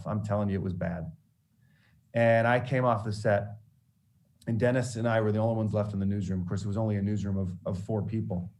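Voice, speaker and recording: Speaking to students, a man in a lowish register shares frank stories from his sportscasting career about the mentors he had and the failures he faced. His delivery is lively, full of false starts and restarts.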